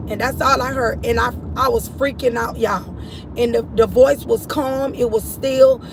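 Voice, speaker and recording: Outdoors, with street traffic going by, a middle-aged mother gives her testimony to followers about her loss. Her pitch is high with some fry, and she tells the story earnestly and repetitively, addressing listeners as y'all.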